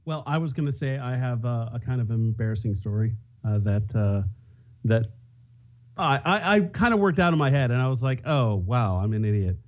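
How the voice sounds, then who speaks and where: A man's voice: medium pitch, animated, normal speed. A man co-hosting a podcast, telling a rambling story in casual chat with many restarts. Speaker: podcast co-host.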